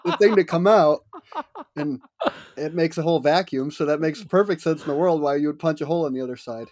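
A man's voice: a little high, brisk, a little mellow, no room sound, clean studio sound. A man in his late twenties co-hosting a podcast in casual chat, laughing easily and giving short agreeing replies. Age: 20s. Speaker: co-host.

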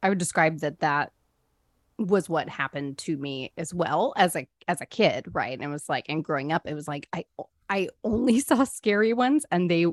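Low-voiced woman host, dry sound. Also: animated, normal speed, no echo. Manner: encouraging listener with frequent short affirmations. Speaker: podcast host. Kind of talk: casual interview chat. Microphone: headphones on a remote call.

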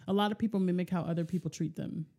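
A woman with a low, mellow voice chats casually as a co-host. She is affirming and easygoing, with her speech full of "like". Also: steady tone, rapid-fire. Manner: casual, affirming, heavy use of "like". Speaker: podcast co-host. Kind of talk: casual chat.

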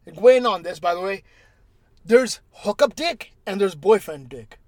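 A young man hosting a casual podcast, telling crude, animated stories among friends. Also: high voice, normal speed, no room sound, clean studio sound. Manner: crude, animated storytelling with laughs. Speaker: podcast host.

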